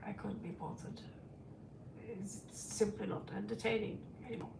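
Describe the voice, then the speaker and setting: A woman's voice: medium pitch, steady tone, moderate pace, vocal fry, recorded from a distance, noisy background. A middle-aged woman reading tarot and chatting casually on a stream, rambling and frank, calling her listeners sweetie. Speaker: tarot reader. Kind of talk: casual livestream chat. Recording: roomy echo, away from the mic.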